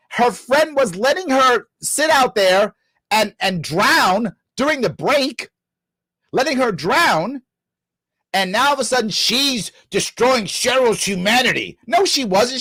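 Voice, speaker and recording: A middle-aged man hosts a live reaction stream, scolding and sarcastic as he argues with a clip. His pitch swings widely from low grumbles to sharp high jabs. The sound is close and dry. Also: no room sound. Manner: animated, scolding, sarcastic, swearing. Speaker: show host reacting to a clip. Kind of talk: heated live-stream commentary.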